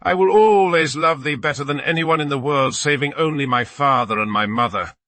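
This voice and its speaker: A man's voice: fairly high pitch, normal speed, sharp tone, dry recording, pitched above the performer's own voice. A man doing a fervent boyish young squire. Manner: archaic speech, fervent and emotional. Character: eager, earnest young male squire, boyish.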